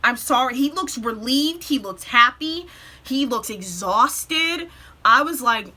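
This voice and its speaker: A woman recapping a cartoon episode in a casual vlog, tearful and emotional, pausing to collect herself between quick excited bursts. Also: high-pitched. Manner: tearful, breaks off to compose herself; animated retelling with quick bursts. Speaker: vlogger.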